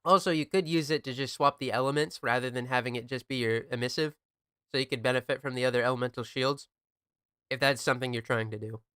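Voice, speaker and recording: A young man streams a game and chats casually, laid-back, joking and swearing often. His mid-range voice is fast and sharp, and the recording is clean, echo-free and studio quality.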